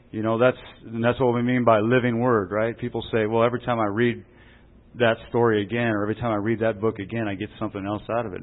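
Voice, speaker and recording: A man preaching a sermon in a folksy, joking way, often asking "Amen?" as he teaches. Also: mid-range voice. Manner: jokey, chuckles at his own stories. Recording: tinny phone-like recording.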